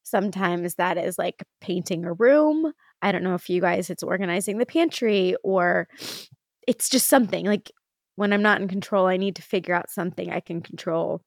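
A woman's voice: lowish voice, normal speed, no room sound. Woman in her thirties, solo podcast host, emotional and rambling, casual swearing, dry close sound. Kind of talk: candid solo podcast talk.

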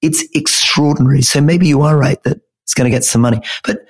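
Guy with a croaky husky voice going through politics on a podcast, steady, lists stuff. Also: mid-range voice. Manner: measured, lists names and facts. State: croaky, losing his voice. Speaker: podcast co-host.

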